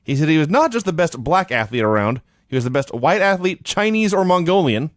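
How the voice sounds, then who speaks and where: A man's voice: on the high side, sing-song, a little fast, no echo. A man co-hosting a podcast, retelling events in casual chat with dry understatement. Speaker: podcast co-host.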